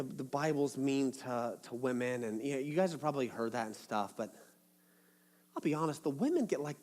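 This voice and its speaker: A man preaching a sermon as a pastor, casual and playful, acting out little asides as he tells the story. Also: on the high side. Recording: long hall reverb.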